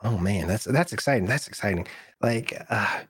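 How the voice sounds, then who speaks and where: A man's voice: on the low side, lively intonation, slightly rough, dry recording. An eager halfling reporter, put on by a man, tripping over her own words and gushing as she rambles. Her voice is dry and close, with no room sound. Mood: excited. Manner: stammering, rushed and gushing.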